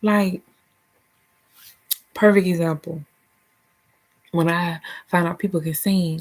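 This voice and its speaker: A woman's voice: fairly low pitch, slow pace. A woman with a Southern US accent chatting casually and profanely about her spiritual life, laughing and slipping into silly voices. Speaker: vlogger and spiritual healer. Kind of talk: casual chat.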